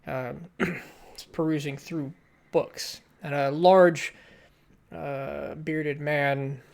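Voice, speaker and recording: A man running a tabletop game as game master, describing scenes with relaxed pauses and fillers. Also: on the high side, vocal fry.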